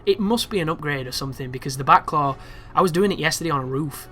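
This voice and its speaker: A man's voice: on the high side, fast talker, faint music behind. A man giving casual walkthrough commentary over gameplay, chatty and prone to exasperated asides. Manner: chatty, with exasperated, animated asides about the game.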